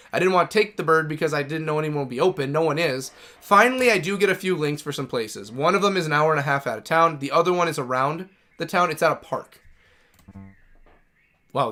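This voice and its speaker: Gaming streamer, man, slightly high and bright voice, rambling casual storyteller who swears a lot. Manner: rambling, self-correcting, swears freely. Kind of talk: casual storytelling while playing.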